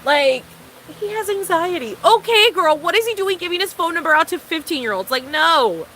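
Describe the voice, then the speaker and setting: A woman's voice: extremely high pitch, expressive, moderate pace, bright, forceful tone, slight background noise, low-quality recording. A young woman vlogger ranting in a casual storytime, exasperated and incredulous, swearing freely and laughing often.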